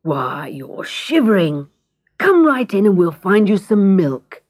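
A woman's voice: medium pitch, big pitch swings, takes it slowly, darkish tone. A woman voicing a big, jolly male baker in a storybook reading, hearty and kindly but firm.

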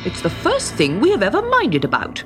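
A woman voicing a stern town mayor in a storybook reading, scolding slowly and firmly. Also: mid-range voice, huge pitch swings, music in the background. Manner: stern and slow.

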